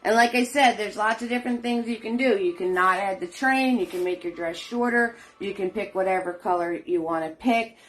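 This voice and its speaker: A middle-aged woman leads a live online painting class, her mid-range voice brisk with few pauses. She's chatty and encouraging, greeting viewers by name and calling them sweetheart and hun. Faint music plays behind her.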